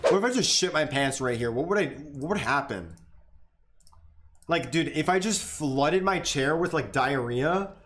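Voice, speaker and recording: A young man streaming a video game, swearing, shouting and laughing as he reacts to the match. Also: on the high side, measured pace, music in the background. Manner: profane, excitable, yells and laughs at the game. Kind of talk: live gameplay commentary.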